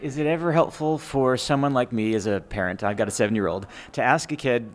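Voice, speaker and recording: A man hosting interviews, giving brisk, friendly introductions and questions. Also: medium pitch.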